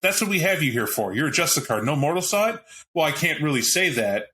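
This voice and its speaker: A man's voice: on the high side, very animated, quick pace, bright, forceful tone. A man on a podcast panel, talking animatedly about a tabletop game with frequent restarts and asides. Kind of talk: casual roundtable chat about a tabletop game.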